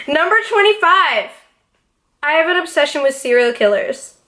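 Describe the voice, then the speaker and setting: A young woman talking straight to her camera in a casual sit-down vlog, animated, dramatic and full of swearing. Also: sits high, a little slow. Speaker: YouTuber. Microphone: camera mic, seated in front of camera.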